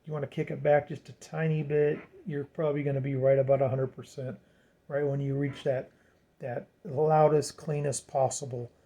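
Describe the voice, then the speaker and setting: A man's voice: mid-range voice, level tone, moderate pace, dark tone. A man giving a casual how-to tutorial on setting up a radio. He rambles, repeats words and leans on fillers as he talks through the steps at home. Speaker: radio hobbyist explaining setup.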